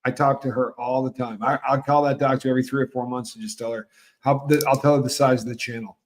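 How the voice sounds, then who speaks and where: A man's voice: medium pitch, fast talker, poor audio. A male podcast host chatting casually, telling stories and acting out the dialogue in them. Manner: animated, acts out quoted dialogue. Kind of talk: casual conversational storytelling.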